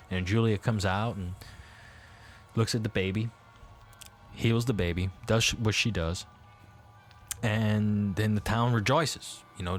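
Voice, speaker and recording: A man from Louisiana, a guest historian, telling a local legend in a casual, rambling and profane way, with many restarts. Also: lowish voice. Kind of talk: casual storytelling.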